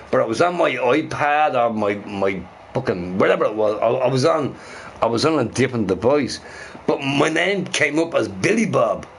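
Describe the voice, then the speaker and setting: A man's voice: medium pitch, slight background noise. Rambling, swearing middle-aged man streaming. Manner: rambling and profane, repeating himself. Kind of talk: casual live-stream chat. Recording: faint music behind.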